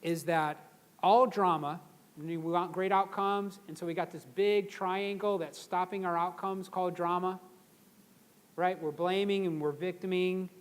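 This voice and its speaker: A man giving a live motivational seminar to an audience, energetic and conversational, drawing the crowd in to repeat words after him. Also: high-pitched, normal speed. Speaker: seminar speaker.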